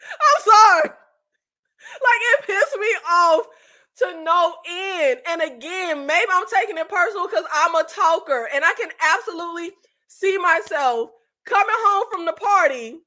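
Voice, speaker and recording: A woman's voice: very high-pitched, expressive, a little slow, bright, forceful tone. A woman vlogger giving casual, profane commentary on a reality show, ranting with emphatic repetition and laughing often. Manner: talkative and emphatic, repeats phrases.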